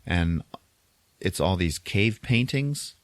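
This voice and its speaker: Deep-voiced chatty podcast host. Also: male voice, lively intonation, slow pace, no room sound. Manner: chatty, laughs often, acts out quotes. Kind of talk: casual movie recap.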